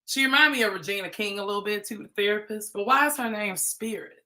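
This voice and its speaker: A woman hosts a live stream with a bright, forceful voice. Her talk is chatty and teasing, casual commentary aimed straight at her viewers. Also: medium pitch, quick pace. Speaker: livestream host.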